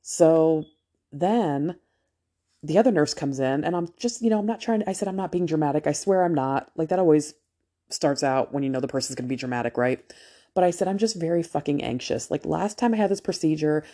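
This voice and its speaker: A woman's voice: low voice, lively intonation, a little fast, dark tone. Candid, foul-mouthed woman nurse telling a story. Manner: candid, profane, chatty. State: just out of anesthesia after a procedure. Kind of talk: casual storytelling to camera.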